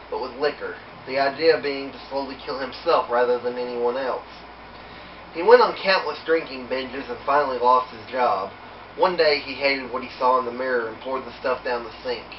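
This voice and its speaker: A man reading his own horror story aloud in a steady, unhurried storytelling manner. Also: mid-range voice, a little hiss or hum. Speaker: author reading his book. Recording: roomy, distant, dull home recording.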